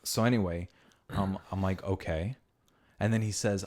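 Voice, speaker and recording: Deep-voiced man telling rambling stories. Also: fairly even intonation, moderate pace, pauses often, darkish tone. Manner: rambling storyteller, swearing, acting out quotes. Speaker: podcast host. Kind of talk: casual podcast chat.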